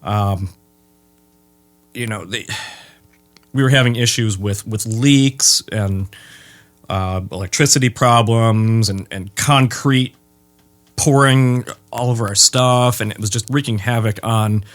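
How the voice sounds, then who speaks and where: Here's a laid-back interview with a Midwestern man whose trade is making bass guitars; he pauses frequently and his jokes land dry.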